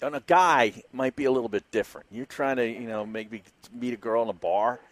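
A man's voice: mid-range voice, fairly quick, no echo. A man co-hosting a call-in radio show, chatting casually and agreeably. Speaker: radio co-host.

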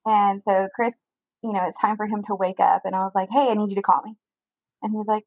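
A young woman telling a personal story in a casual interview, talking quickly with lots of "like" fillers. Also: medium pitch, little pitch movement, no echo, dull audio. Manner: fast chatty storytelling with many "like" fillers. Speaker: guest telling her story.

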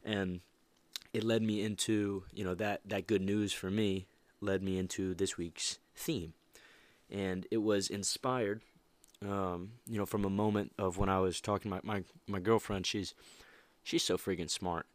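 A man's voice: sits low, fairly even intonation, a little slow, no echo. A young man hosting a motivational podcast, talking casually and emphatically with many restarts and fillers. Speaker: podcast host.

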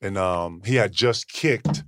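A man in his forties, a former pro athlete, telling animated, profane stories as a guest in a casual podcast studio chat. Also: low voice, slow pace, dry recording. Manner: animated, profane, swaggering storyteller.

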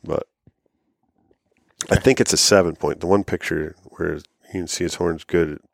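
A man talking about his trail camera in a halting, casual way, full of "like". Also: deep voice, steady tone, gravelly, no room sound, clean studio sound. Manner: halting, filled with "like". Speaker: podcast co-host. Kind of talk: casual chat.

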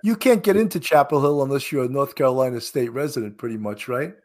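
A man's voice: mid-range voice, fast talker, a little mellow. A man with a New York accent, a chatty, joking co-host in casual conversation. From Long Island, New York. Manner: chatty, jokey storyteller. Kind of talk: casual chat.

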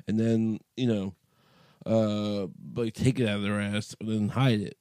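A man's voice: fairly low pitch, little pitch movement, measured pace, dark tone, clean tone, no echo. A man hosting a solo podcast, talking in a crude, profane, rambling comic way, his voice a little cracky from the morning, recording in a small closet. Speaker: podcast host.

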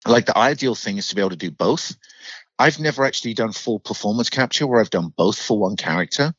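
A man with a low voice and a mid-Atlantic accent that blends British and American, talking as a podcast guest. He tells his stories in an animated, unfiltered way. The sound is dry and a little dull, like a remote call. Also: quick pace, slightly rough, no echo. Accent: mixed British and American, mid-Atlantic. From United Kingdom. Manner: animated storyteller, swears freely, acts out quoted voices. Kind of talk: casual interview chat.

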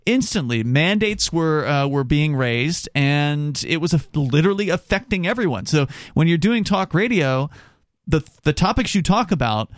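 Lively male talk radio host. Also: a little high, normal speed, no room sound, clean studio sound. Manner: animated, conversational, says "right?" often.

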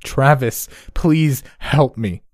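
A man's voice: medium pitch, extremely slow, no room sound, studio quality, pitched above the performer's own voice. A man voicing a terrified teenage boy who pleads with a trembling voice. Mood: pleading.

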